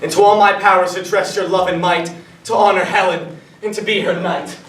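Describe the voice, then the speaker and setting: Brief: student actor as ardent young lover, light tenor, distant roomy stage sound. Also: male voice, high voice, fairly even intonation, a little fast, fairly bright tone. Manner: earnest, wooing verse delivery. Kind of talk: school stage performance of verse. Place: theatre workshop room. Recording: echoey room, from far off.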